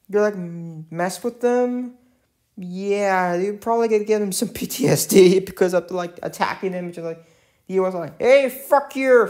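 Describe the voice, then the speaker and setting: A woman's voice: mid-range voice, a little mellow. A woman vlogger in casual, unscripted commentary, often stopping to restart and correct herself. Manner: halting, with many restarts and self-corrections. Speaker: vlogger ranking films.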